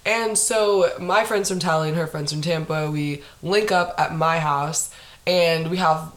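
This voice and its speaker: A young woman tells a story on a casual podcast, her voice sitting a little low for a woman. She talks animatedly, laughs often, leans heavily on "like" and swears freely. The room gives her voice a noticeable echo. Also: a little slow. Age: young adult. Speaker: podcast host. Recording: echoey room.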